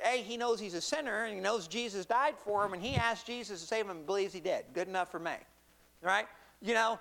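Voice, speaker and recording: A man's voice: sits high, creaky, a bit bright. Man, casual preacher, restarts a lot and keeps asking "right?". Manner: rambling, self-correcting, checks in with "right?" and "okay?". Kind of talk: conversational sermon.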